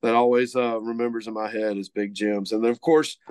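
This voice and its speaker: A man's voice: on the low side, level tone, a little fast, darkish tone, smooth, no room sound. A man from Mississippi, chatting casually on a podcast in an easygoing, rambling way full of fillers. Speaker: guest co-host, butcher shop representative.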